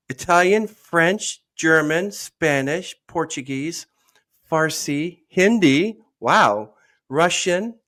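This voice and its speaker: A male podcast host reads through a guest introduction with emphatic asides to his co-host. His voice sits a little high for a man. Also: a bit bright. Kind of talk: reading a guest introduction, then interviewing.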